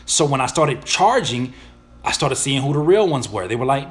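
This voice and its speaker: A man hosting a casual live Q&A, reading viewers' questions aloud and answering in an animated, slangy way. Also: medium pitch, normal speed. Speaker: YouTuber and music producer answering viewer questions.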